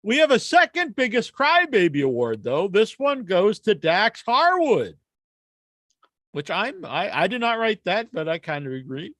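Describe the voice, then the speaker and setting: A man co-hosting a podcast in casual chat, an animated storyteller who laughs often and acts out sounds. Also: sits high, a little slow, no echo, studio quality. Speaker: podcast co-host.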